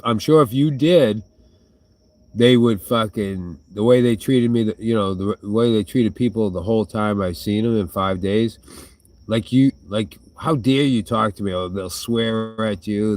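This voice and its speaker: With a lowish, slightly mellow voice, a man answers viewer questions in a casual vlog. He swears freely, trails off and starts over, and a smoker's cough breaks in between sentences.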